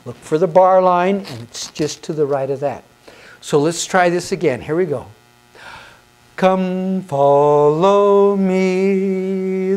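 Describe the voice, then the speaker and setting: A man teaching hymn conducting in an instructional video, patient and encouraging, counting beats aloud and asking questions that he answers himself. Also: a little high.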